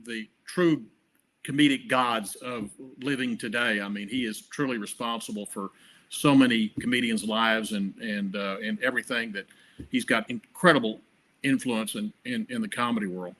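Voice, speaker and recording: Casual: guy spinning stories in an interview, bright forward voice, rambly, lots of uhs. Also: mid-range voice, steady tone, normal speed. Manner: chatty, filler-heavy with repeated restarts. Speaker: guest, comedy award producer. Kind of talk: anecdotal storytelling interview.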